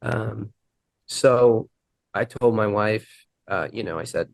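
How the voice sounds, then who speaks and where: A man candidly recounting his recovery story in an interview, earnest and halting, acting out the dialogue he quotes. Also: on the low side, vocal fry, no room sound.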